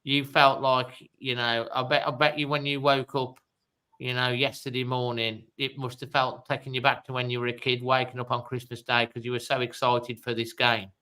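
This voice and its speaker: Male podcast host, bright and crisp, chatty and upbeat. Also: mid-range voice, flat delivery, moderate pace, poor audio. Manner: chatty, upbeat, rambling run-on questions. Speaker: host of a fan phone-in show. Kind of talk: casual podcast hosting.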